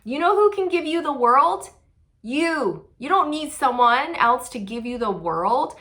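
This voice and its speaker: A woman's voice: on the high side, lively intonation, unhurried, a bit bright. A woman giving a casual tarot reading, chatty and sassy, with playful laughing asides. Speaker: tarot reader.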